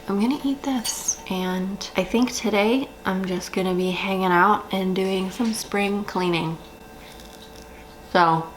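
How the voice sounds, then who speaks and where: A woman's voice: mid-range voice, measured pace, slight background noise. A young woman vlogging at home, chatting casually and rambling, questioning herself as she goes. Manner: rambling, self-questioning, frequent laughs. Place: home kitchen. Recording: roomy, distant, with kitchen clatter.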